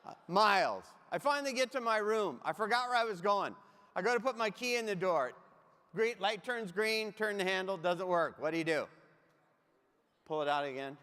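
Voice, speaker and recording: A man with a high, bright-sitting voice tells funny travel stories as a keynote speaker. He talks right to the crowd with comic timing. His voice rings out with a long hall reverb behind it. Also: animated, moderate pace, smooth. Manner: comic, anecdotal, addresses the audience directly. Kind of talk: humorous keynote storytelling.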